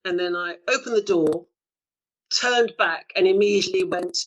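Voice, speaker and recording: A middle-aged woman telling stories as an interview guest, acting out the quotes with lively shifts of voice and frequent laughs. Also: on the low side, normal speed, low-quality recording. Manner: lively storyteller, acts out quotes, laughs often. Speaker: actor being interviewed. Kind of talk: anecdotal interview chat.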